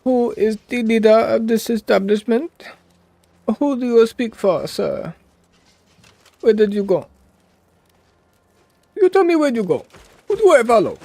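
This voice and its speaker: A man putting on an exaggerated mock accent for a joke, speaking loudly and theatrically. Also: lowish voice, steady tone, racing, hardly any pauses, close to an everyday voice.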